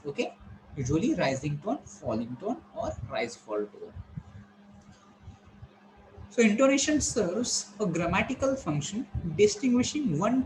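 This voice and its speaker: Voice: medium pitch, background noise. A college lecturer, teaching a class and restating points through rhetorical questions to the students. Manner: repeats and rephrases, asks the class rhetorical questions.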